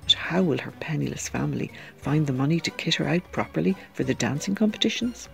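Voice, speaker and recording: A man recommends a children's book in a strongly gravelly, fry-heavy voice that sits a little high for a man. He reads from a script, and faint music plays behind him. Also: lively intonation, a little fast. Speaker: book reviewer.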